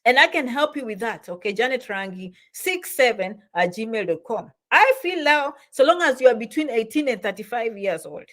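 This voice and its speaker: A woman talks straight to her viewers in a casual explainer style. She is animated and repeats herself, checking in with "okay?" and "you understand?" as she goes. Her voice sits a little high for a woman. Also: normal speed, few pauses. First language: not English. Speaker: immigration advice vlogger.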